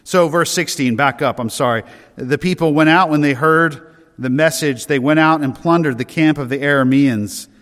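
A man preaching a sermon in an earnest way, slowing down to stress key words. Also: fairly high pitch, a bit bright. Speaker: pastor. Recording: hall reverb.

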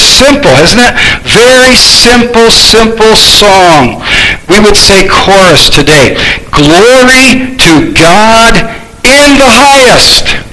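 A man preaching a sermon, emphatic, repeating words and rising to shouts on key points. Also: on the high side, a little hiss or hum, rough recording.

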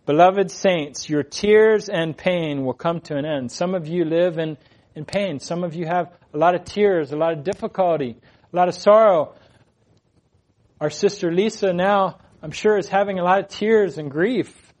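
A pastor with a high, light voice delivers a sermon. He speaks earnestly, restates his key lines for emphasis, and asks his listeners questions before answering them himself. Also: moderate pace, darkish tone.

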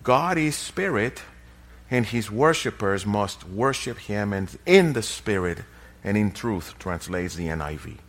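Male pastor, emphatic sermon delivery, lively swooping pitch, unhurried pace. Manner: emphatic, rising to loud peaks.

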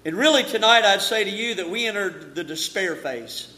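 A male pastor preaching an evening sermon in a church, folksy in his talk and slow and emphatic when he reads scripture. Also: high-pitched, expressive, sharp tone, slight background noise. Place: church sanctuary. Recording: roomy church echo.

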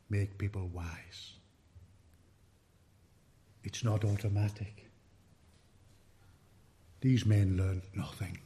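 A man preaching a sermon, slow and emphatic, his voice rising in force on key words and falling away at the ends of sentences. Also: fairly low pitch, dark tone. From United Kingdom.

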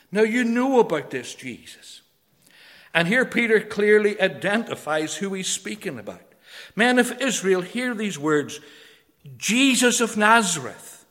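A man preaching a sermon, emphatic, swinging between loud declarations and hushed phrases. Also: high voice. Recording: long hall reverb.

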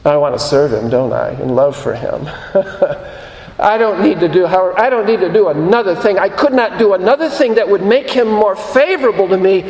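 A man's voice: sits high, animated, darkish tone. Earnest preaching man in an echoey hall. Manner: earnest, repeats phrases for emphasis, slows on key lines. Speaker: pastor. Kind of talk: sermon. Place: church sanctuary.

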